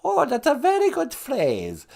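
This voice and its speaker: Brief: polite, gushing woman guest with a high lilting voice, as a man puts her on. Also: wildly swooping pitch, unhurried, creaky, darkish tone, heavily acted. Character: polite eager woman guest learning a language.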